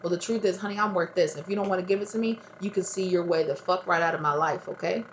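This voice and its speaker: A woman with a lowish voice talks fast while giving a tarot reading, a casual monologue of spiritual advice that is blunt and emphatic. She swears freely and speaks straight to the viewer, often tacking on "right?" The audio is poor, with slight background noise.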